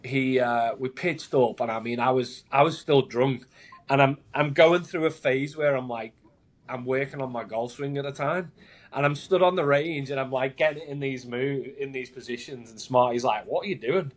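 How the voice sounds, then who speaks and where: A man's voice: medium pitch, normal speed. Chatty man telling rambling stories. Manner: laughing, rambling anecdotes full of "like". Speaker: caddie guest. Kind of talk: casual storytelling chat.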